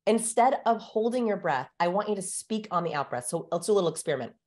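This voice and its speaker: A woman's voice: medium pitch, expressive, quick pace, a little mellow. A woman guest explaining and demonstrating how to speak, in an instructive coaching manner. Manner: instructive, demonstrates vocal tones. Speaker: communication expert guest.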